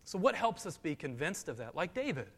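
A male pastor preaching, his voice rising and pressing hard on the scripture he reads aloud. His voice sits high for a man. The sound carries a long reverb, as if in a large hall. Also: big pitch swings, brisk, vocal fry, a bit bright. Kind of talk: sermon.

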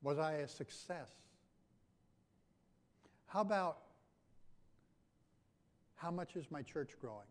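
A man's voice: on the high side, lively intonation, slow pace, pauses often. Man preaching in a reverberant church. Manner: conversational preaching with questions to the congregation. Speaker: pastor. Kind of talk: sermon. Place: church sanctuary. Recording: long hall reverb.

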